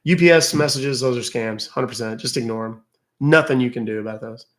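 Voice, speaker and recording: A man's voice: mid-range voice, fairly quick. A man around fifty, hosting a casual livestream and answering viewer questions in a wry, chatty way. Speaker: host answering live chat questions.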